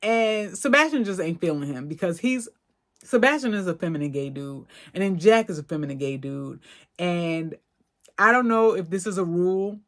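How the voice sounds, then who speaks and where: A woman hosting a podcast, recapping a film in a chatty, slangy, expressive way. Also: lowish voice, normal speed. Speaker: podcast host. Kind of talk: casual movie recap.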